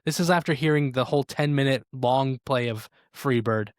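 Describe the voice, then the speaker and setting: A man co-hosting a casual podcast tells stories with animation, acting out the voices of the people he quotes. His medium-pitched voice moves at normal speed, recorded dry with clean studio sound.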